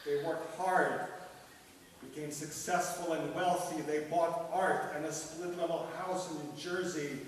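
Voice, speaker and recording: A poet from Russia giving a live poetry reading, with wry, dry asides between poems. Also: male voice, fairly high pitch, fairly even intonation, unhurried, slight background noise. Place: festival event hall. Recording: echoey hall, mic at a distance.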